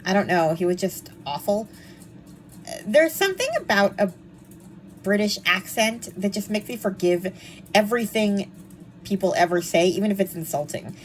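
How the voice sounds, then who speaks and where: A young woman talks through a book review in a casual, snarky way, full of ums and quick asides. Her pitch jumps around a lot as she gets worked up. A faint background hiss sits under her voice. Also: rough recording. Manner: animated, snarky and chatty, with frequent ums.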